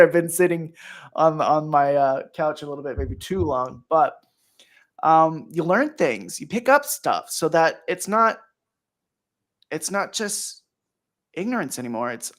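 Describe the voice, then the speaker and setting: A man's voice: fairly high pitch, expressive, moderate pace, fairly bright tone. Guy hosting a podcast, earnest, gets emotional, lots of ums. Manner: earnest and emotional, many fillers. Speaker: host. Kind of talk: casual podcast chat.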